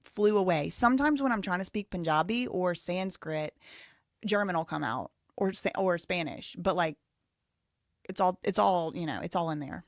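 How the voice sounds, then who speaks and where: A woman's voice: fairly low pitch, lively intonation, moderate pace, no room sound, clean studio sound. A woman in her thirties hosting a live stream, rambling casually and thinking aloud with lots of "like" fillers. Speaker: livestream host.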